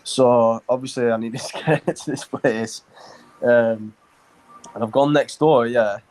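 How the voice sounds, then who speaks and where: A man tells a long, meandering story on a podcast. His talk is loose and full of fillers and swearing. His voice sits in an ordinary middle pitch. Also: steady tone, unhurried, a little mellow, slight background noise, low-quality recording. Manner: rambling, swears a lot, many fillers. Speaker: podcast co-host. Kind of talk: casual storytelling chat.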